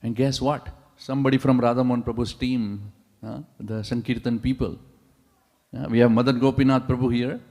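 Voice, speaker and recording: A man preaches to a congregation, telling his stories with animation and tossing rhetorical questions at the listeners. His voice has a gravelly texture and rings with the long reverb of a large temple hall. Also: medium pitch, brisk. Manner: animated storyteller, asks the audience rhetorical questions. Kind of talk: sermon with storytelling.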